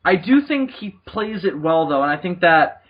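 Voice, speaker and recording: A man co-hosting a podcast in casual chat, jokey and quick to laugh. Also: high-pitched, sing-song. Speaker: podcast co-host. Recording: dull lo-fi recording.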